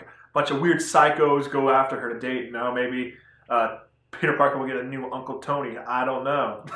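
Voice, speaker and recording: Young male vlogger: bright, rambling spoiler chat in a roomy space. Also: mid-range voice. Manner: rambling, filler-heavy, swearing. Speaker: movie vlogger. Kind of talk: casual spoiler review. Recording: echoey room.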